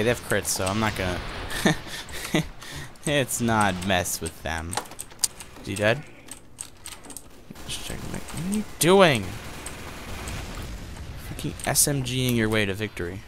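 A man commenting on his gameplay in a casual, excitable way, swearing often. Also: on the low side, noisy background. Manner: excitable, swearing, bursts into yelps and laughs. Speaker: gaming video maker.

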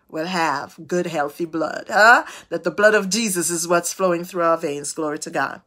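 A woman preaching a devotional sermon, tossing out call-and-response asides with sudden swings of pitch and loudness. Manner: slow, drawn-out delivery.

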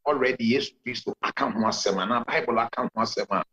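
A man's voice: mid-range voice, quick pace, sharp tone, low-quality recording. A Ghanaian pastor answering interview questions over a video call, laying out his points one by one in a preaching manner. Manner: preaching explanation, counts points, mixes Twi and English.

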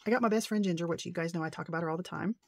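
A middle-aged woman vlogging about paper crafting in a casual show-and-tell, excitable and gushing, rambling and getting tongue-tied as she goes. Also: fairly low pitch, rapid-fire, gravelly, slightly rough.

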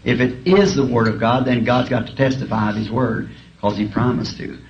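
A man's voice: mid-range voice, steady tone, moderate pace. A man preaching a sermon in a school auditorium, telling folksy, humorous stories. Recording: dull archival tape, faint hiss.

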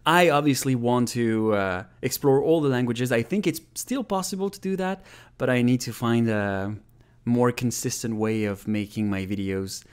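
A man's voice: medium pitch, moderate pace, smooth. A man hosting a casual interview, friendly and conversational with some fillers. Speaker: interview host.

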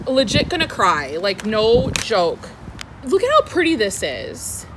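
In a windy outdoor setting, a young adult woman films an excited vlog while opening plant deliveries, gushing and squealing, with wind noise on her mic. Her slightly high voice swoops wildly in pitch, and she speaks slowly.

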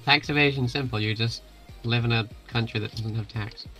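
A man in voice chat on a game stream, bantering with dry, quick-witted remarks. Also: mid-range voice, steady tone, sharp tone, faint music behind. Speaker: friend in voice chat.

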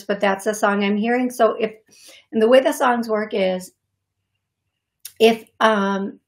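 A woman hosting a call-in radio show as a psychic medium, talking in a rambling, self-deprecating way and laughing often. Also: medium pitch. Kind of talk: casual radio call-in talk. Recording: radio studio broadcast.

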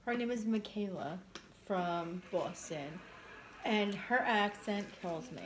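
A woman with a New York accent, co-hosting a casual live stream, laughing often and telling animated stories. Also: mid-range voice, slow pace, slight background noise.

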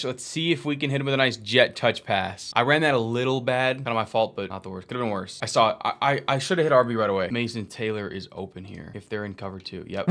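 Lively man yelling over gameplay. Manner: swings from low muttering to loud excited yelling, swears. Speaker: gaming video creator. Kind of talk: live gameplay commentary.

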